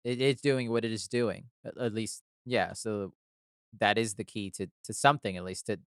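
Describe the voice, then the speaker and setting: Upbeat podcast guy, laughs a lot, swears, smooth voice, dry mic. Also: lowish voice, fairly even intonation, normal speed, a bit bright, no room sound. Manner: enthusiastic, laughs often, swears casually. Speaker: podcast co-host. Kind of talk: casual chat.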